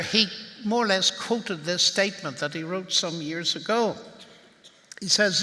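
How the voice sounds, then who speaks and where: A man's voice: sits high, pushed and bright. An older man with a Northern Irish accent giving a wry, argumentative public lecture. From Northern Ireland. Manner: wry, argumentative, building to punchlines. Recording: long reverb of a large hall.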